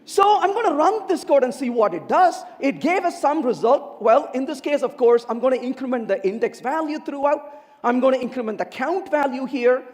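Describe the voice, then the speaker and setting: High, lively man in a reverberant hall. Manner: animated, theatrical, asks the audience questions. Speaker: conference speaker. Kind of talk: humorous technical keynote. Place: large conference hall.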